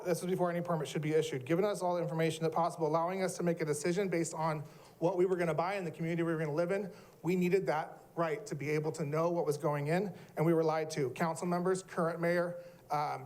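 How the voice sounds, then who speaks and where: Earnest middle-aged man speaking out. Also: fairly high pitch. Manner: emotional, earnest, forceful. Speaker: public commenter. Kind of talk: public comment at a city meeting.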